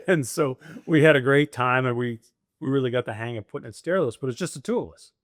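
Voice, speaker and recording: A man's voice: medium pitch, quick pace, no echo, studio quality. A middle-aged man, a franchise owner, telling stories in casual conversation, laughing often and acting out the voices of the people he quotes. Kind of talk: conversational storytelling.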